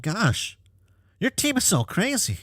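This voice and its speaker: An easygoing teenage boy from a webcomic, as a reader puts him on, answering in a lively, agreeable way. The pitch bounces around a lot, and the sound is dry and close to the mic. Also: slow pace, slightly rough, dry recording, exaggerated voice. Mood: amused. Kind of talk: reading comic dialogue aloud.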